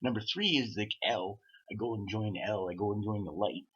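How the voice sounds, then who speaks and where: This man tells a rambling, profane story, swearing often and laughing at himself. His voice is lowish and husky, a bit bright, at normal speed. The audio is dull and lo-fi.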